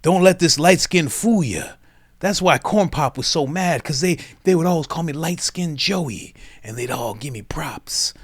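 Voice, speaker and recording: A rambling old politician spins folksy tall tales and boasts without pause, as a man does the impression. His pitch sits a touch high and swings widely, and the room sounds dry and close. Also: expressive, breathy edge, no echo. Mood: boastful.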